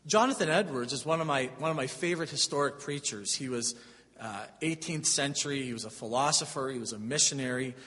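A man's voice: mid-range voice, a little fast, a bit bright, slightly rough. A middle-aged man, a pastor, preaching a sermon in a conversational way with personal stories. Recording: long hall reverb.

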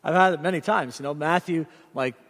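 A man's voice: fairly high pitch, fairly quick, fairly bright tone. A middle-aged man preaching a sermon as pastor, earnest and direct, telling stories with animation. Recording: reverberant hall sound.

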